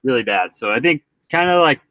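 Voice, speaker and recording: A man's voice: medium pitch, lively intonation, fairly quick, bright, forceful tone, no echo, rough recording. A young man from Utah hosting a casual live stream, rambling as he reads viewer comments aloud. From Utah, USA. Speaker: vlog host reading live chat.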